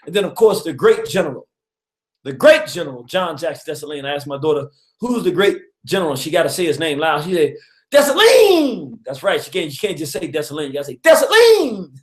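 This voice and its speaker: Animated man telling history on radio. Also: fairly high pitch, fast, reverberant. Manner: animated storyteller, chuckles often, acts out quotes. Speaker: radio show host. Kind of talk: casual radio history talk.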